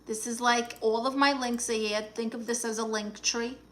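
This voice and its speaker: A woman playing a brassy, sassy aunt from Brooklyn who poses as a therapist, with a New York accent, firing back quick comebacks as she reads viewer comments aloud on a phone live stream. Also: on the high side, steady tone, a bit bright, close to an everyday voice. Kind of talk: comedic improvised live stream.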